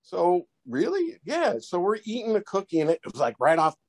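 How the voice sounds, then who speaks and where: A man guest on a podcast, telling goofy stories in a rambling, animated way with many restarts. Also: high voice, moderate pace. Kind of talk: casual storytelling.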